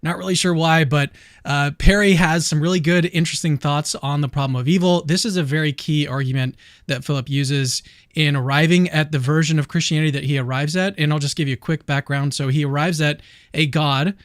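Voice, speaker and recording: A man's voice: on the high side, steady tone, a little fast, dry recording, studio quality. A man hosting a casual online chat, introducing guests in a talkative, upbeat way with frequent restarts. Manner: chatty, upbeat, with many restarts. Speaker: host.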